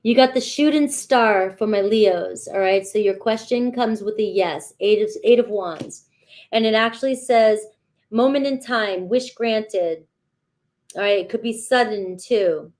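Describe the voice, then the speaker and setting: A woman's voice: mid-range voice, measured pace, darkish tone. A woman doing a casual tarot reading, chatty and talking straight to her viewers, often checking in with "all right.". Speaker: tarot reader.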